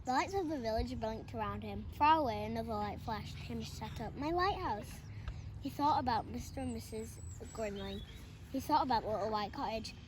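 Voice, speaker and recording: A woman reading a picture book aloud with expressive, lively storytelling. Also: fairly high pitch, brisk. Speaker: storybook reader. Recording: loud background noise.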